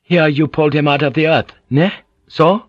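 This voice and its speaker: A man's voice: a little high, normal speed, no room sound, voice pushed up, close to an everyday voice. A man voicing a tense, stern male samurai officer who speaks in a clipped, insistent way. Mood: sharp. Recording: dull lo-fi audiobook recording.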